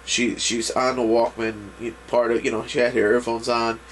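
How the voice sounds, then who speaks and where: A man's voice: medium pitch, flat delivery, normal speed, a little hiss or hum. A man giving a casual, rambling recap of an anime episode, full of restarts and fillers. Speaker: anime reviewer.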